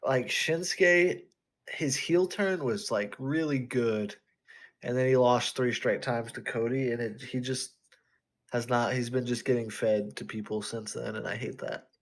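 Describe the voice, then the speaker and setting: A man's voice: medium pitch, a little slow. A man co-hosting a wrestling podcast in casual chat, laid-back, often chiming in with short agreements. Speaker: podcast co-host.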